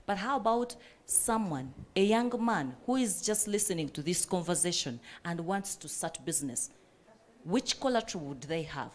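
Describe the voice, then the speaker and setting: A woman's voice: lowish voice, animated, normal speed. A woman panelist who runs a coffee business, speaking earnestly and with passion at a panel discussion, with many fillers.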